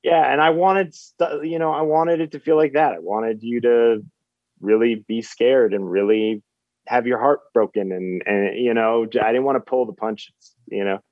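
A man being interviewed about his film, speaking in a halting way with many restarts. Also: mid-range voice, no echo, muffled recording. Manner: halting, repeats words while thinking. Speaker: film director guest. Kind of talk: casual interview chat.

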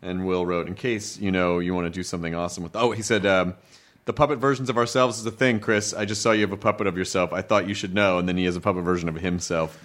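A man's voice: deep voice, steady tone, quick pace, a bit bright. A man hosting a casual podcast chat, joking and laughing often. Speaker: podcast host. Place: podcast studio.

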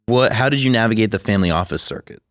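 A man hosting a casual interview, asking follow-up questions in a relaxed way. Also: lowish voice, fast talker, no echo, clean studio sound. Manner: relaxed, asks with restarts and laughs along. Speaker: interview host.

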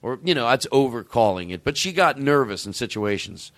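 A man hosts a loose, chatty show, his pitch swinging up and down as he rambles. He keeps stopping mid-thought and swears without a care. His voice is close and dry, with almost no room sound. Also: lively intonation, a little fast, fairly bright tone, no room sound. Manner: rambling, self-interrupting, swears freely. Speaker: podcast host. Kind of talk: casual chat.

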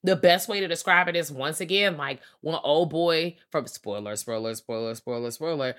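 A woman co-hosting a podcast, recapping a horror comedy in a casual, profane and animated way. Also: sits low, moderate pace. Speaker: podcast co-host. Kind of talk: casual movie review chat.

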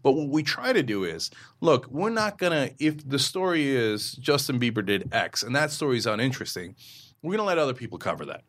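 A middle-aged man telling stories in a casual interview, animated, slipping into funny voices now and then. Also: mid-range voice, a little fast. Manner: animated storyteller who slips into funny voices. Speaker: media company founder and show host, as guest.

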